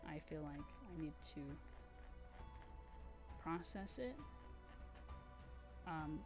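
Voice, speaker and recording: A woman in her twenties chatting casually on a live stream while she paints, rambling through stories and acting out quotes. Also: low-pitched. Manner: rambling, animated storytelling with acted-out quotes and laughter.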